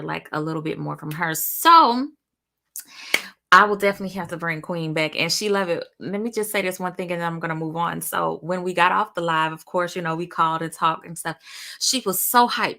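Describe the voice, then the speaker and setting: A woman's voice: on the low side, creaky, bright, forceful tone. Upbeat woman hosting a live chat. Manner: chatty, upbeat, addresses viewers as y'all. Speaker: host of a live show. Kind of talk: casual live-stream chat.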